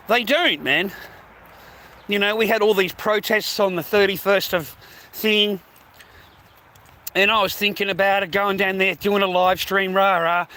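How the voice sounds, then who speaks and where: A man with an Australian accent rants on a live stream in a high, sharp, forceful voice. He rambles and swears constantly, with scornful laughter between his points. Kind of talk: casual live-stream rant.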